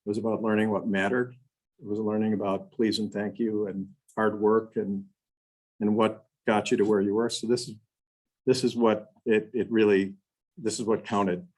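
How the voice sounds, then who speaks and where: An older man with a low, husky voice tells folksy stories to a club meeting. He quotes the mentors who shaped him in their own words and restarts his sentences often. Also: level tone, normal speed, darkish tone, poor audio. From Wisconsin. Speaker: guest speaker. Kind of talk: storytelling talk to a club meeting. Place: meeting room.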